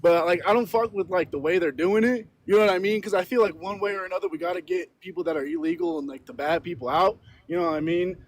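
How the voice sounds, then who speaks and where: A man in a car passenger seat calling in on his phone, talking in relaxed slang and swearing. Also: high-pitched, quick pace, hardly any pauses, dry recording, poor audio. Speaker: caller. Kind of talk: casual call-in chat.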